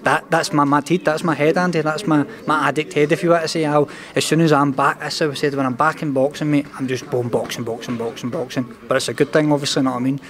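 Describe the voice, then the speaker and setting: A young man with a thick Glasgow accent speaks as a boxer in an interview, earnest and open. His words tumble out at a rapid clip in a fairly level, even tone, and he tags nearly every line with "mate" and "know what I mean". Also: fairly high pitch, crowd noise. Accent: Scottish, Glasgow. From Scotland. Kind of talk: candid interview talk.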